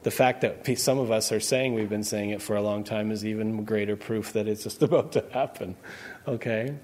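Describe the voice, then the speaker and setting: A man's voice: fairly low pitch, fairly even intonation, brisk, a little mellow. A man preaching a sermon in a conversational way, quizzing his congregation with questions as he goes. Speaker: pastor.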